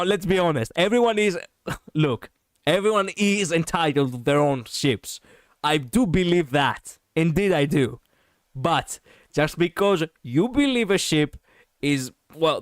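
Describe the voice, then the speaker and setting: A man streaming a game, commenting casually in an excitable, profane, ranting way on a close mic. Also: on the high side, unhurried, no echo.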